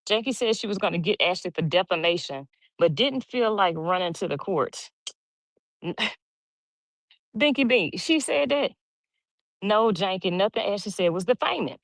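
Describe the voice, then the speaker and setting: A woman's voice: fairly low pitch, a little slow, a bit bright, no room sound. A middle-aged woman from Louisiana with a Louisiana twang, chatting casually on a livestream, reading comments and gossiping with a laugh. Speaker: livestream host. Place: home.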